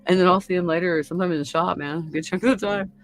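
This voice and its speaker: A woman's voice: fairly low pitch, racing, faint music behind, low-quality recording. A woman hosting a casual chat show, telling crude stories with a laugh and acting out other people's lines. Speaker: podcast host.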